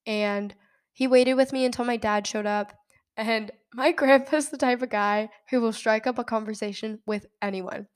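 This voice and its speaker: Animated young woman telling a story. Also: normal speed, clear, resonant tone. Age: young adult. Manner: animated, laughs often, acts out quotes in a high voice. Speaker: podcast host. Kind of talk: casual storytelling.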